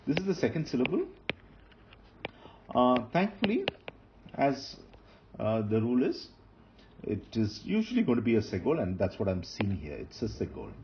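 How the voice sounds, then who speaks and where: This Hebrew grammar lesson comes from a man with a mid-range voice whose pitch swings widely; he talks at a moderate pace with long pauses while writing on a board. He repeats key terms patiently and restarts phrases. Faint noise and a dull, lo-fi quality mark the audio.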